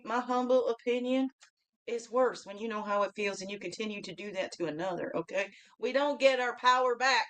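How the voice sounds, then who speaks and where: A woman in mid range hosts a casual spiritual card reading, talking to her listeners like friends. She keeps checking in with a quick "okay?" and laughs easily. Her voice jumps from loud bursts to near-murmured asides. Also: medium pitch. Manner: laughs often, swings between loud and soft. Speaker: host of a daily reflection show.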